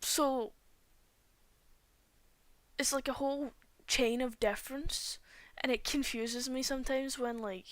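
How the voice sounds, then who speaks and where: A woman's voice: sits high, steady tone, takes it slowly, pauses often, dry recording. A young woman, chatting casually and rambling while she draws on a stream, recorded on a cheap home microphone. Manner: rambling, chatty, often trails off mid-sentence. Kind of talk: casual chat while drawing.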